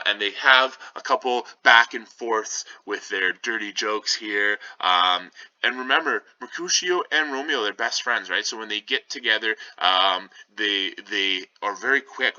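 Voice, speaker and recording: Deep-voiced male teacher explaining a play. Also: sharp tone, dry recording. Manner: conversational, many fillers and asides to students. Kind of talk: casual explanation of a play to students. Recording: slightly dull lo-fi sound.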